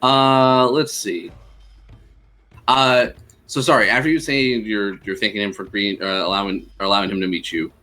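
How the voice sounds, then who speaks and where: A man narrating as game master of a tabletop game, pausing often with fillers. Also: on the low side, steady tone, pushed and bright. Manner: halting, many fillers.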